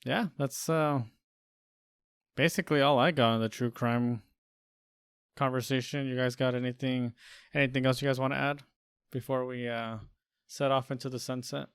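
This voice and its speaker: A man with a smooth, resonant voice co-hosting a laid-back podcast chat. He hunts for words as he talks, with plenty of pauses and restarts. The sound is close and dry, with no room around it. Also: mid-range voice, steady tone, dry recording. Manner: hesitant, searching for words. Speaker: podcast co-host. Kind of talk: casual chat.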